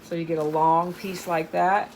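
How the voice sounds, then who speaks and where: A woman's voice: fairly low pitch, little pitch movement, moderate pace, a little hiss or hum. Chatty woman showing off a haul. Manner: chatty, enthusiastic, says "y'all" often. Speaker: haul vlogger. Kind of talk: casual show-and-tell chat.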